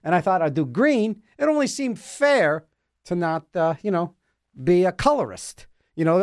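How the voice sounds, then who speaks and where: High and bouncy, this man's voice swings widely in pitch at a normal speed as he rambles through comedic radio banter. Goofy and self-deprecating, he keeps repeating words in silly voices. The sound is dry, close to the mic, with no room sound.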